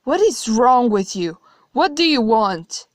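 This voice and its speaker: A woman's voice: on the high side, slow pace, no room sound, clean studio sound, voice pushed up. A woman reading a horror story, voicing a young man who asks urgent, confused questions. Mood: alarmed.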